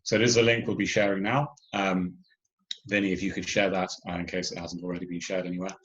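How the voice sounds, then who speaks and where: A man's voice: deep voice, flat delivery, fast, fairly bright tone, highs cut off. A man organizing a hackathon, explaining the submission and judging rules in a loose online workshop briefing, full of fillers and restarts.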